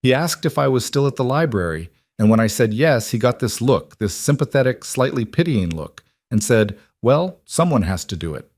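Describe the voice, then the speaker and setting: A man's voice: medium pitch, big pitch swings, normal speed, few pauses, a little mellow, no room sound, studio quality, voice pushed up. A man voicing a hurt, fragile woman who speaks in a tight, brittle, shaky way.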